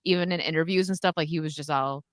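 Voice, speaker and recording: A woman's voice: low voice, fast talker, dry recording. A woman hosting a casual livestream chat, chatty and reading out donations, on a close mic. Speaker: streamer host.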